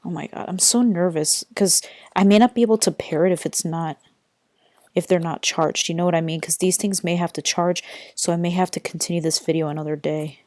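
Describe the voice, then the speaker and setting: A woman's voice: on the low side, steady tone, a little fast, darkish tone, no room sound. A young woman vlogging casually from her bedroom, chatty and rambling with lots of fillers, tired, recorded on a built-in computer mic. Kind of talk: casual unboxing vlog.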